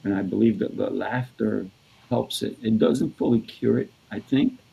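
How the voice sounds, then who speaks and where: A man co-hosting a conversation, telling a personal story in a halting, casual way with repeated words. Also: on the low side, vocal fry, husky, lo-fi sound. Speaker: podcast co-host.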